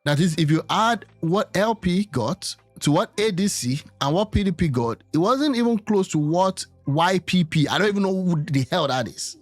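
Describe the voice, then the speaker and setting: Male commentator, slightly high, hesitant, dry close sound. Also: animated, normal speed, few pauses, no room sound, soft background music. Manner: musing, hesitant, repeats words. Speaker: political commentator. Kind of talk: casual political commentary.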